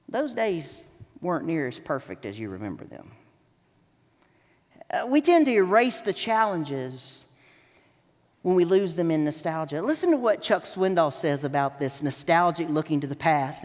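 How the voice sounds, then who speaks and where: A male pastor preaching a sermon in a church, acting out grumbling voices in an animated way. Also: on the high side, normal speed, long reverb tail. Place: church sanctuary.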